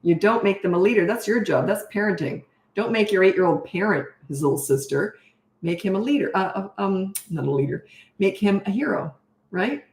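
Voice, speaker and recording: A woman's voice: medium pitch, animated, a little fast, a little mellow, echoey room. A middle-aged woman, a parenting coach, answering questions in a frank, chatty way and laughing at herself. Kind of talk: casual live Q&A chat.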